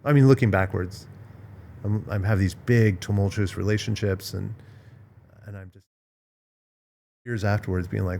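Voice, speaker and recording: A man's voice: fairly low pitch, steady tone, normal speed, creaky, long pauses, a little mellow, a little hiss or hum. A middle-aged man hosting a casual podcast conversation, speaking frankly and with emphasis, sometimes swearing. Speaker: podcast host.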